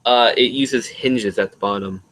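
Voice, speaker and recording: A man's voice: medium pitch, normal speed, fairly bright tone, low-quality recording. A man hosting a casual stream, talking in a laid-back way and thinking aloud while he builds. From northeastern Pennsylvania, USA. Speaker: stream host building a toy train station. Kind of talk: casual chat.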